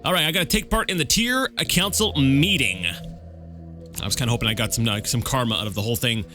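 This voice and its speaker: A man's voice: medium pitch, fast talker, over music. A man giving casual, rambling commentary on a game as he plays it, thinking aloud and correcting himself. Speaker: let's play gamer.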